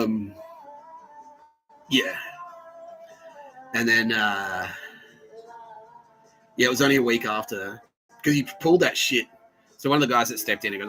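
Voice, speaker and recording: A man's voice: fairly low pitch, moderate pace, pauses often, sharp tone, faint music behind, rough recording. A man hosting a podcast. He tells a rambling, profane story with frequent laughs and restarts. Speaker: podcast host. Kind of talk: casual storytelling monologue.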